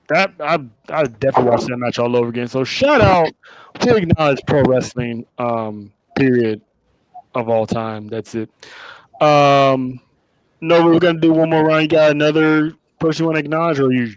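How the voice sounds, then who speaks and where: A man's voice: mid-range voice, expressive, normal speed, no echo, rough recording. A man co-hosting a podcast, talking in a casual, rambling way with restarts. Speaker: podcast co-host. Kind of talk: casual chat.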